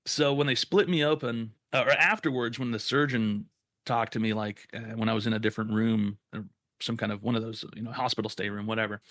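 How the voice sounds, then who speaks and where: A man's voice: fairly low pitch, a little fast, dry recording. A young man casually telling a long story on a podcast, swearing often and acting out the people in it. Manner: profane, animated retelling with quoted voices. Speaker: podcast co-host.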